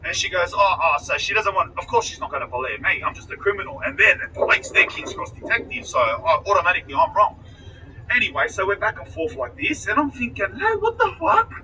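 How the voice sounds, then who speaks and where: Profane man, high and bright. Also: quick pace, distant mic, slight background noise, rough recording. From Australia. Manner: profane, animated, acts out the other people's lines. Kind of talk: casual storytelling.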